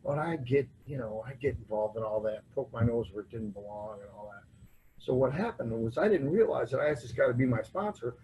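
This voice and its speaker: A man's voice: medium pitch, animated, a little fast, dark tone, slight background noise, poor audio. A man speaking at a recovery convention, sharing his personal story in a loose, self-mocking way. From United States. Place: convention hall.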